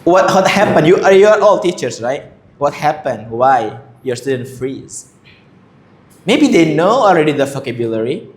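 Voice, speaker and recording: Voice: medium pitch, sing-song, moderate pace. A lecturer leads a class discussion, asking questions and encouraging answers in broken English. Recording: roomy classroom echo.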